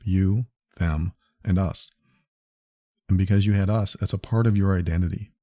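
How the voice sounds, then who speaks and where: A man's voice: sits low, warm tone, dry recording. A man hosting a solo advice podcast, talking earnestly and reassuringly, thinking aloud with small restarts. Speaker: podcast host.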